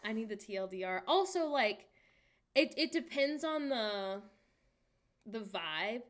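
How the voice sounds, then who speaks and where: A woman in her late twenties, hosting a livestream in a casual, candid chat and reading viewer messages aloud with animated asides. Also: a little high, measured pace. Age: late 20s. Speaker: livestream host.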